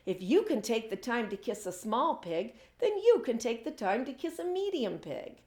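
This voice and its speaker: A woman's voice: fairly high pitch, sing-song, normal speed, a little mellow. A woman reading aloud, voicing a bossy, cheerful female teacher with emphatic, dismissive retorts. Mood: firm, upbeat. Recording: echoey room.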